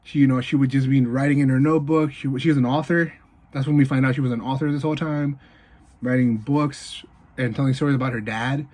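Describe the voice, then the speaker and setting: A man casually reviews a movie, walking through the plot with energy, plenty of fillers, and quick tangents. His pitch is medium.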